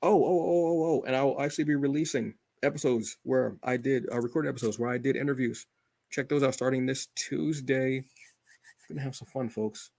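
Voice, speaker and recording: A man chatting on his own stream in a loose, rambling, self-deprecating way. His mid-pitched voice has a gravelly edge. The sound is dry and close, with no room echo. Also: fairly even intonation, brisk, a little mellow. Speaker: channel host. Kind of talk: casual livestream chat.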